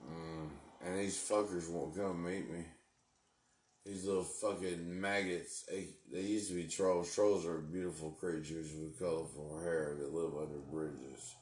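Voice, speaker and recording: A man's voice: sits low, steady tone, unhurried, darkish tone, echoey room. A man talking live from his home into a phone, agitated and cursing as he rambles. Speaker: livestreamer. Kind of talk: live-stream rant. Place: at home indoors.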